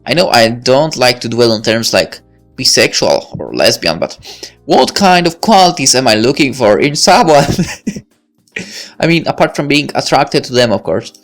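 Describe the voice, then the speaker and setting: A woman's voice: a bass voice, big pitch swings, unhurried, soft background music, full character voice. A woman voicing a musing teen girl. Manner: musing, self-questioning inner monologue. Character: young woman, thoughtful high school senior. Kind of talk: reading a visual novel aloud.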